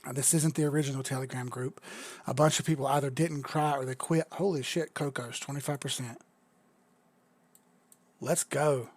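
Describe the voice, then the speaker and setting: A young adult man hosting a casual crypto livestream, chatty and excitable, swearing freely as he talks viewers through charts. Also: medium pitch, moderate pace, pauses often, no echo.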